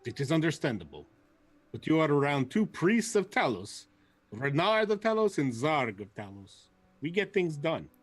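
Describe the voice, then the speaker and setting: Blunt, bold warrior priest, husky, played by a man. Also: on the high side, very animated, moderate pace, faint music behind. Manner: blunt, plain declarations.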